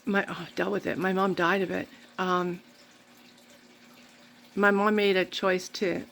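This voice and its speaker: A woman's voice: on the low side, flat delivery, unhurried, gravelly, fairly bright tone. A woman vlogging, telling a rambling, candid personal story full of faith talk. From Canada.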